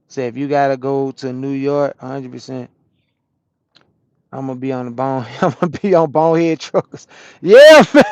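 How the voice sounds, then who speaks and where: A man from Atlanta, a truck driver chatting casually on a live stream and answering viewers' comments in a relaxed, repetitive way. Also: a little high, no echo, highs cut off. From Atlanta, USA.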